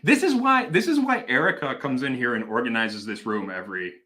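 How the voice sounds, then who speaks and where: With lively intonation and a brisk pace, this medium-pitched man sounds bright and forceful. As host of a casual whiskey livestream from the Milwaukee area of Wisconsin, he reviews whiskey, reads comments aloud, swears casually and pokes fun at himself animatedly.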